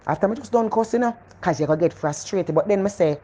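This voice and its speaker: A middle-aged woman with a Jamaican accent giving a casual motivational talk, animated and preachy, repeating phrases for emphasis. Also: medium pitch, quick pace. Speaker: motivational vlogger.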